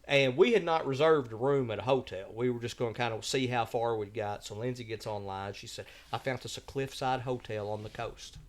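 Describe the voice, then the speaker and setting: A man with a mid-range voice tells a casual travel story on a podcast, fairly quickly and with few pauses. He drawls in a folksy way and imitates the voices he quotes.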